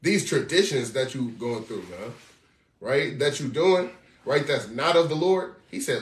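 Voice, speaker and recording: A man preaching on scripture in a casual, animated way, full of slangy asides and mocking commentary. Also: medium pitch, unhurried. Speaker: street preacher. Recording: echoey room from far off.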